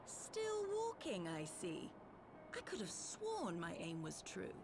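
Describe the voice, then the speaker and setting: A taunting game sharpshooter, slow drawl, swooping pitch, noisy game audio. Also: female voice, huge pitch swings, heavily acted. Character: cold female ranger foe, a sharpshooter. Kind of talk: video game voice acting.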